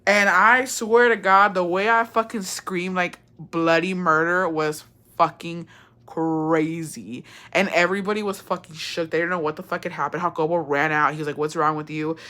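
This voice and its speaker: A young woman telling her viewers a story in a casual, animated way, swearing a lot and slipping between English and Spanish. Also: on the low side, moderate pace.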